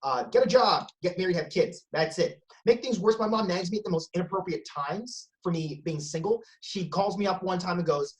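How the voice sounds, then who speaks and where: A man's voice: high voice, moderate pace, hardly any pauses. A man doing stand-up from home during lockdown. He swears freely and delivers punchy lines with sudden emphasis, often correcting himself mid-sentence. The sound comes through a video call. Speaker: stand-up comedian. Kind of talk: stand-up comedy set. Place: at home, self-isolating.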